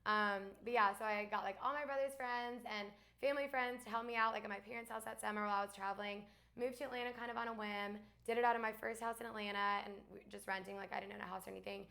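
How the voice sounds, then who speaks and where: A young woman from Alabama, a guest in a casual chat, talking fast with lots of fillers and laughs. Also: medium pitch, fairly even intonation, gravelly, bright, forceful tone. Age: young adult.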